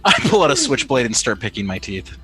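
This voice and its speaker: A man at a tabletop game, trading playful deadpan jokes. His pitch swings wildly from line to line. Music runs behind him. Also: quick pace. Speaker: player. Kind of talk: tabletop role-play.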